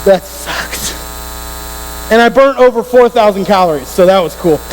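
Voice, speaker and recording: A man preaching to a youth group, telling a story in an animated, emphatic way and speaking straight to the teens. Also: sits high, fast. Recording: hall reverb with faint electrical hum.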